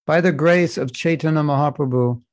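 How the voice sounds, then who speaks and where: A man teaching a scripture class, reading passages slowly and adding joking asides in between. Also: fairly high pitch, darkish tone, no echo. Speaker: spiritual teacher.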